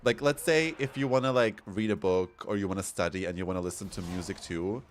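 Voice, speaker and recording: A man from Europe chatting casually while gaming, telling stories in a campy, animated way with swearing. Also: low voice, a little fast, slight background noise. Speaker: streamer.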